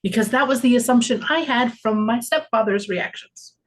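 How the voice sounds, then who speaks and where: A woman's voice: a little high, moderate pace. A woman in her forties co-hosting a podcast, chatting casually in a reflective way and laughing often. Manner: reflective, laughs often, talks about parenting. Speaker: podcast co-host. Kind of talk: casual chat.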